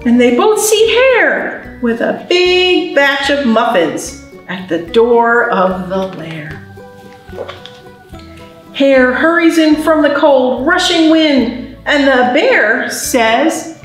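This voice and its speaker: High bouncy librarian lady doing baby storytime, super echoey room, mic kinda far off. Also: expressive, drawn-out words, soft background music. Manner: sing-song, exaggerated storybook delivery. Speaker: children's librarian. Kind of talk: storytime reading and singing for babies. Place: library, roomy space.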